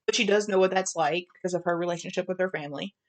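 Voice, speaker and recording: A woman's voice: on the low side, racing. A woman with a Southern accent co-hosting a podcast, bluntly recapping a romance novel's plot in casual, profane chat. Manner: frank, profane, summarizing plot with giggles. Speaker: podcast co-host. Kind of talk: casual book review chat.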